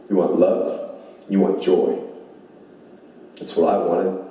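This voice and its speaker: Deep man speaking in an echoey hall. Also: fairly even intonation, slow, long pauses, warm tone. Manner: emphatic, repeats lines for effect. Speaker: motivational speaker. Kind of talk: inspirational speech. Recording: very echoey hall, mic far off.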